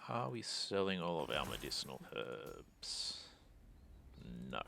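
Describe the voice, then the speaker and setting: A man's voice: rumbling low, very animated, slow pace, vocal fry, pushed and bright, slight background noise. A man thinking aloud as he plays a strategy game, muttering and mocking his own mistakes. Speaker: gaming channel host.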